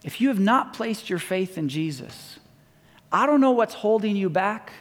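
A man's voice: high-pitched, expressive, moderate pace. A man pastor giving a sermon, telling stories in a conversational way and acting out the voices of the people he quotes. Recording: long hall reverb.

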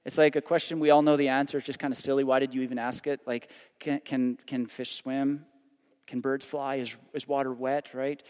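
A man's voice: mid-range voice, flat delivery, brisk, a little mellow, smooth, big-room sound. A man from Canada preaching a sermon in a conversational way, with frequent asides and rhetorical questions. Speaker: pastor.

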